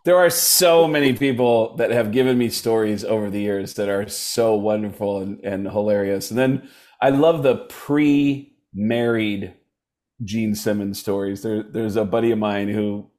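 A man who is a comedian guest, telling animated stories and switching into voices for the people he quotes. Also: lowish voice. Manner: lively anecdotes with quick voice switches for quoted people. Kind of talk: animated storytelling chat.

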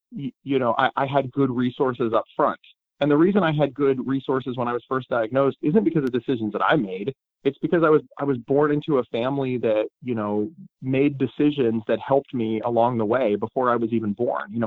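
A man speaks reflectively, pausing and restarting often. He comes through a tinny, phone-like line. The sound is dry and close. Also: mid-range voice, no room sound. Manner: reflective, halting, many restarts. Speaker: podcast guest. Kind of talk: casual chat.

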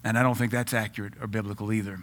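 An American man in his forties preaches a sermon as pastor, rattling along rapid-fire in a fairly low voice. His delivery is lively and full of jokes, with frequent laughter.

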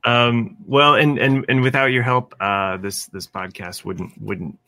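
A man co-hosting a podcast, talking in a halting, hesitant way. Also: medium pitch, little pitch movement, sharp tone, no echo. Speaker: podcast co-host. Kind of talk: casual podcast chat.

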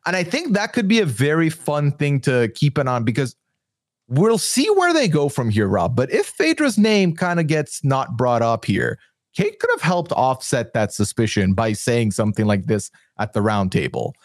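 A man's voice: medium pitch, moderate pace, no room sound, studio quality. A man co-hosting a podcast, chatting casually and playfully about a reality show episode. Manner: animated, playful, excitable. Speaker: podcast co-host. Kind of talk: casual recap chat.

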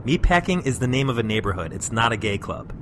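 A man's voice: medium pitch, sing-song, quick pace, a bit bright, slight background noise. A man co-hosting a comedy podcast, talking in an exasperated, sarcastic way. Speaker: podcast co-host. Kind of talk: improvised comedy sketch.

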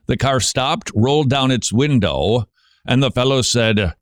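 A man hosting a Christian radio show, giving sarcastic commentary and breaking into mocking shouted impressions. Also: mid-range voice, moderate pace, dry recording, studio quality.

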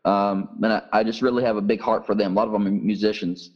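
A man's voice: on the low side, steady tone, fast, lo-fi sound. A man, a pastor, telling a first-person story in an earnest way during an interview.

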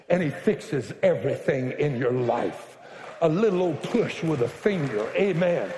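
A man preaching a sermon to a congregation, building from slow, deliberate lines up to shouted declarations. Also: on the high side, lively intonation. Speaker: pastor. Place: large church hall. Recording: echoey hall from far off.

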